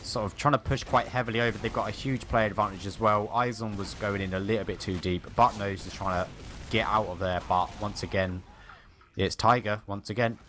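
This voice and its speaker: A man's voice: lowish voice, fairly even intonation, a little fast, a bit bright, a little hiss or hum. A man casting a live esports match, joking and teasing his co-caster between plays. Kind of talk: live game commentary.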